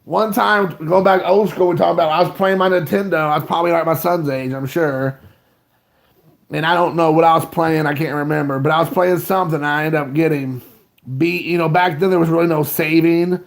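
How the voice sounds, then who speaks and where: Man, 30s, creaky gravelly voice, slightly high pitch, casual podcast chat, rambling storyteller. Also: fairly even intonation, a little fast. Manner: rambling, self-mocking, restarts a lot.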